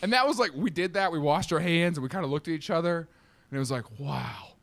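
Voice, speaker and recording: A young man, a comedian guest on a video call, telling stories in a casual, animated way and often laughing. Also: on the high side, quick pace, gravelly, no room sound. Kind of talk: casual storytelling chat.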